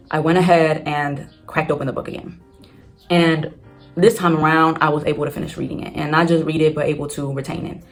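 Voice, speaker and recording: A woman vlogging candidly about her reading struggles, swearing freely and talking in long rushing run-ons. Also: deep voice. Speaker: booktube vlogger. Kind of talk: casual storytelling vlog. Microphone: phone on a tripod.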